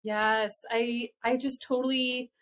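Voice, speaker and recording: Woman podcast host, upbeat, kinda high voice, agrees a lot, long rambly questions. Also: level tone, slow, fairly bright tone, a little hiss or hum. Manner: enthusiastic, affirming, rambling questions. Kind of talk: interview conversation.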